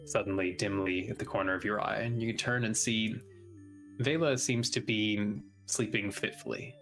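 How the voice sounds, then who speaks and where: A man running a tabletop game as game master, pausing to check rules and then narrating a night scene slowly and atmospherically. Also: on the low side, fairly even intonation, a bit bright, faint music behind, rough recording.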